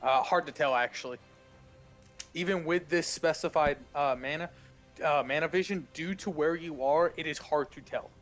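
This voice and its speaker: Man running a tabletop game, slightly high voice. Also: a bit bright, soft background music. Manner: halting narration with fillers and chuckles. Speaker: game master.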